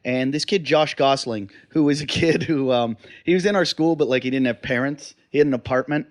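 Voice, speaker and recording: A man's voice: medium pitch, fairly quick. A man in casual podcast chat, laid-back and profane, often chuckling through his stories. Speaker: podcast co-host.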